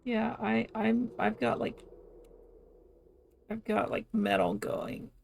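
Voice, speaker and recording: A woman's voice: fairly high pitch, big pitch swings, takes it slowly, creaky, a little mellow, slight background noise. A sleepy woman streamer chatting casually to her viewers, drowsy and rambling, trailing off with the odd curse. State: sleepy, yawning. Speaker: game streamer. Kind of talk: casual live-stream chat.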